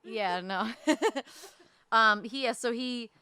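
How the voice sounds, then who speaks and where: Young woman rattling off a story, lots of "like", swears a bunch, crisp clear voice. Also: fairly high pitch, dry recording. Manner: fast, animated, full of "like" and swearing. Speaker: podcast co-host telling a story. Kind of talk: casual storytelling chat. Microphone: close desk mic.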